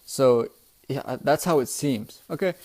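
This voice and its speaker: A young man recapping a comic chapter in a casual, excitable, profane way, often calling his listeners "bro". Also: mid-range voice, unhurried. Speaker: manga chapter reviewer.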